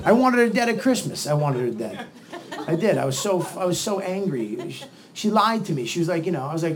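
A middle-aged man doing a stand-up comedy set. He rants loudly and acts out other voices. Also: on the high side, very animated, fairly quick, a little hiss or hum. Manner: loud, ranting, acts out voices and swings into shouting. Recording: live show with audience laughter.

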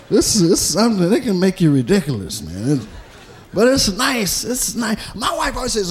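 A man's voice: sits high, big pitch swings, normal speed, pauses often, a little hiss or hum. A man doing a profane, conversational stand-up comedy routine, acting out little scenes as he goes. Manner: profane, conversational, acts out characters.

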